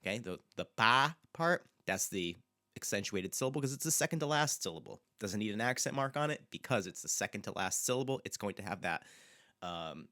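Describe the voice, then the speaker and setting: A man teaching a bilingual pronunciation lesson, repeating example words slowly and with emphasis. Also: on the low side, animated, pushed and bright. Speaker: language teacher.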